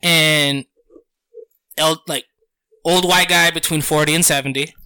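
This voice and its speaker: Animated, high-voiced man. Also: a little slow, clean tone, no room sound. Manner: animated, swears freely, acts out quotes. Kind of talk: casual storytelling chat.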